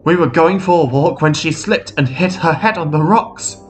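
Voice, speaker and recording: A man voicing an anxious gentleman urgently asking for help in a spoken ghost story. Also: on the high side, soft background music, voice pushed up, lightly acted. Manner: urgent, hurried.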